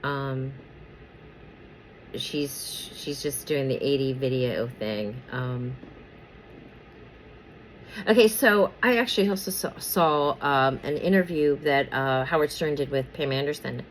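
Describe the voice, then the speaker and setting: A woman's voice: very deep voice, takes it slowly, pauses often, a little hiss or hum, poor audio. A woman chatting casually about celebrity gossip while doing her makeup, rambling with many fillers and repeats, and sometimes whispering names as she pulls cards.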